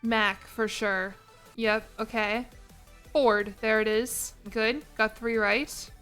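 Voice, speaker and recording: A woman's voice: on the high side, steady tone, slow, a bit bright, smooth, faint music behind. A young woman streaming a game, talking casually and laughing at her own mistakes, often apologizing. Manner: self-deprecating, laughing, apologetic. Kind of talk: casual live-stream commentary.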